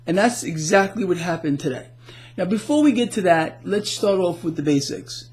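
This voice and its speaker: A middle-aged man hosting a casual market commentary blog, animated and sarcastic, stumbling into restarts. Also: high-pitched, normal speed.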